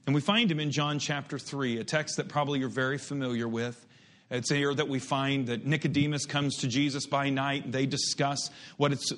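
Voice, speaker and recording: Man preaching a sermon. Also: mid-range voice. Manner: reads scripture slowly with rising emphasis; quieter, reflective storytelling. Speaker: pastor.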